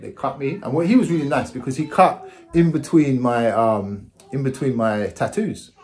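A man in his forties tells his story straight to camera in a loose, chatty way, his pitch leaping up and down. He sits in the middle range for a man and keeps asking whether you follow him. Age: 40s. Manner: animated, jumps into high exclaiming voices; repeats words and checks in with the listener. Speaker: vlogger.

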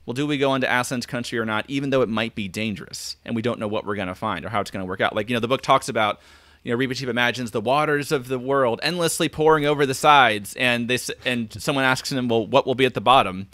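A man's voice: mid-range voice, fairly even intonation, fast, pushed and bright, no echo. A man speaking as a podcast guest over a video call, thinking aloud and acting out quoted lines. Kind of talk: casual video call chat.

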